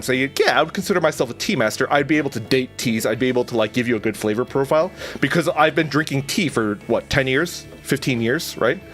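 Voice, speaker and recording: A man's voice: medium pitch, fairly bright tone. A man streaming as a VTuber, chatting casually with viewers in a rambling, self-deprecating way and restarting his sentences often. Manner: chats with viewers, reads out their names. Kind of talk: casual live-stream chat.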